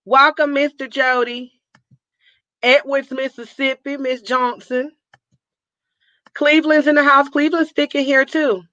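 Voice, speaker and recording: A woman's voice: high-pitched, bright, forceful tone, no room sound, highs cut off. A woman from Northern California hosting a casual livestream, cheerfully reading out where her viewers are watching from and hyping them up with nicknames. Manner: upbeat, hypes viewers with call-outs and nicknames. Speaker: livestream host.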